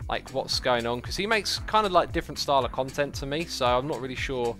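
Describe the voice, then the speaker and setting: Over faint background music, a man with a mid-range voice talks a little fast while livestreaming a game. His casual commentary rambles and jokes, packed with fillers and broken up by excitable, playful outbursts.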